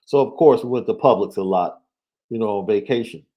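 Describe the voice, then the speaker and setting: Man, sports talk co-host, low voice, measured, repeats key points. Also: dark tone. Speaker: podcast co-host, recruiting analyst.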